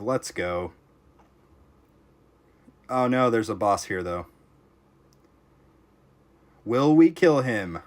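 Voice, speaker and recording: A young man streaming a tower defense game, casually chatting with his viewers and reacting out loud to close calls. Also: medium pitch. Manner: reactive, talks to chat while playing, frequent exclamations. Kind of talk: casual live-stream commentary.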